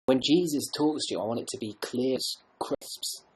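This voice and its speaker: A man's voice: mid-range voice, normal speed, darkish tone, breathy edge, poor audio. Rambling man livestreaming. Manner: rambling, giggly, trailing off. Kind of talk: casual livestream chat.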